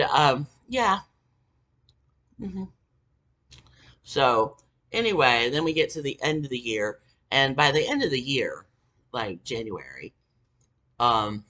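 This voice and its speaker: A woman's voice: low voice, a bit bright. A woman telling an angry storytime rant about an old job, swearing heavily and venting. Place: Tennessee.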